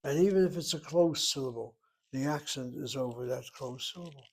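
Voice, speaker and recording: An older man lectures on grammar in a measured, methodical way. His voice sits in an ordinary middle pitch, and he walks through each rule one step at a time. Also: a little mellow, husky. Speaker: Hebrew teacher.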